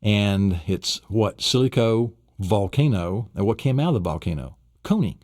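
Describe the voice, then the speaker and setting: Animated male memory-course instructor. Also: lowish voice, normal speed, no echo, studio quality. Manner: animated storyteller, adds sound effects and asks rhetorical questions. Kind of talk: recorded seminar lesson.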